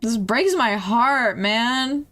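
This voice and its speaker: Slow-talking young woman reacting casually. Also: fairly high pitch, a bit bright. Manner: chatty and emotional, laughing and gasping. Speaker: streamer reacting to music videos.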